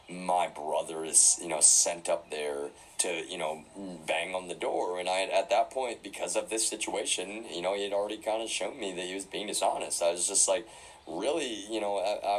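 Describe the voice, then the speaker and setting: A man's voice: low voice, a little hiss or hum, poor audio. A man talking through a live stream in a rambling way, full of fillers and restarts. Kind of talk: casual live-stream monologue.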